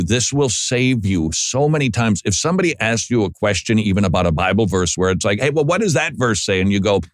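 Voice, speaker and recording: Male commentary host, low voice, dry studio sound, emphatic and sarcastic delivery. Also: no echo. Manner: sarcastic, emphatic, stammers when reacting. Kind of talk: political commentary monologue.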